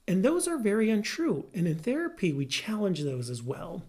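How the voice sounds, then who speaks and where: A man, a licensed marriage and family therapist, explaining a therapy method to viewers in a lively, good-humored way. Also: sits high, normal speed, few pauses. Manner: lively, good-humored, laughs through personal example. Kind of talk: educational explainer to camera.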